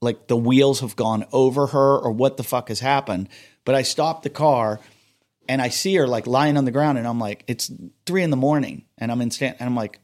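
A man's voice: medium pitch, brisk, darkish tone. A man telling a long story in casual podcast chat, rambling, swearing and mocking himself.

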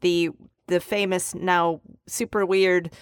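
A woman co-hosting a podcast in casual chat, telling stories in an animated, profane way. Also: fairly low pitch, takes it slowly, clean tone, dry recording, studio quality. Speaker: podcast co-host.

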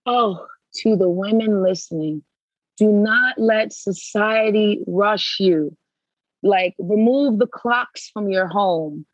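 Woman guest, animated and emphatic, muffled dry audio. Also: medium pitch, slow, no echo. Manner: animated, emphatic storytelling with repeated phrases. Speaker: podcast guest. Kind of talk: casual interview chat.

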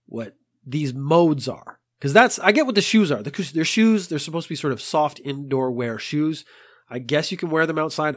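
A man's voice: fairly high pitch, slightly rough. A man hosting a podcast in a casual monologue, dry and exasperated, rambling at length. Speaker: podcast host.

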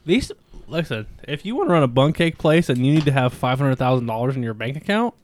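Guy in his 30s just rambling and swearing, medium pitch, laid-back podcast chat. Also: sing-song, quick pace, a little hiss or hum. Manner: profane, rambling storyteller. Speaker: podcast host. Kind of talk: casual chat.

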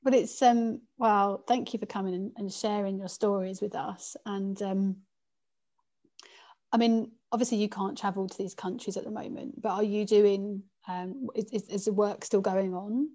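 Brief: woman host, mellow warm tone, hesitant questions with fillers. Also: mid-range voice, fairly even intonation, normal speed. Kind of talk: interview conversation.

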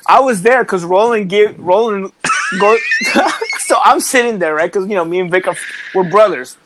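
A man telling a wrestling backstage story in casual chat, animated and profane, acting out the quoted people and laughing along. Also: high voice, moderate pace, very noisy. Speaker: podcast co-host, former wrestler.

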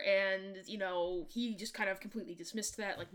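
A woman co-hosting a casual movie review podcast, talking in a lively, joking way and swearing freely. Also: mid-range voice. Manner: profane, lively, quick to joke. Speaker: podcast co-host.

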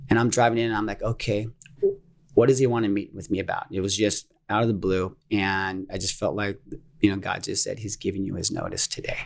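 A middle-aged man, a guest in a casual interview, telling earnest stories fast and acting out the dialogue. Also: low voice, little pitch movement, gravelly. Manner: earnest, fast-paced storytelling that acts out dialogue. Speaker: interview guest, fitness business owner.

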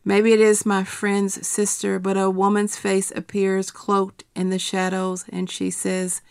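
A middle-aged woman reading her personal essay aloud in a quiet, measured, steady way. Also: mid-range voice, clean tone, no room sound, clean studio sound.

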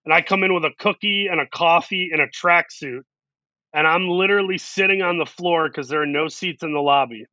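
A man telling animated anecdotes as a guest in an interview, acting out what people said to him. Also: on the high side, brisk, no room sound, highs cut off. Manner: animated anecdotes with quoted asides. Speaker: actor guest. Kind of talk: storytelling interview.

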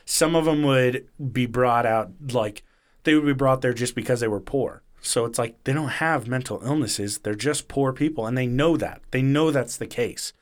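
Animated man retelling a story. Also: medium pitch, normal speed. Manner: animated retelling, swearing, acting out quotes in varied voices. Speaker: podcast host. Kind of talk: casual storytelling chat.

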